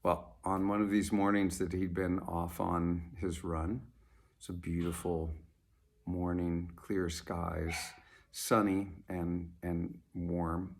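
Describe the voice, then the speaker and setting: A male storyteller with a low, gravelly voice who takes his time, wandering through the tale conversationally with pauses and restarts. He speaks slowly and evenly. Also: flat delivery. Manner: unhurried, with fillers and restarts.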